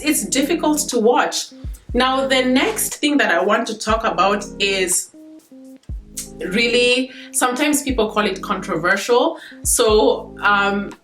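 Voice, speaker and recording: A woman's voice: mid-range voice, a bit bright, echoey room. A Kenyan woman in her thirties, chatting casually to camera as a vlogger, laughing between points.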